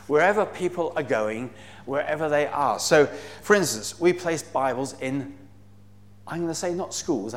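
A man giving an earnest, enthusiastic talk to a church congregation, with frequent fillers and cries of praise. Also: fairly high pitch. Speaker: visiting Bible society speaker.

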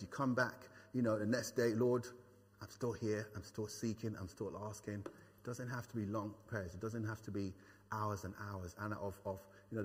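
Low husky preacher man, hall reverb. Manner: earnest, conversational preaching with fillers and repetition. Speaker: pastor. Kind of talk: sermon.

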